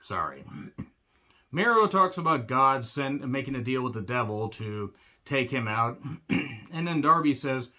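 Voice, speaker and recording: A man giving a casual recap of a wrestling show, sarcastic and blunt, often clearing his throat. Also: medium pitch, expressive, a little slow, pushed and bright, lo-fi sound.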